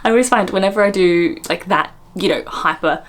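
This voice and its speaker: A woman's voice: fairly low pitch, steady tone, fast talker, creaky, few pauses. A woman with an Australian accent, vlogging in casual chat to the camera, chatty and self-deprecating.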